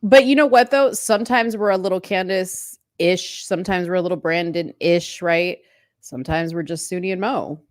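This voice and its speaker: A woman co-hosting a casual live-stream chat, animated and asking probing questions. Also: fairly low pitch, moderate pace, no room sound, studio quality. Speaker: co-host.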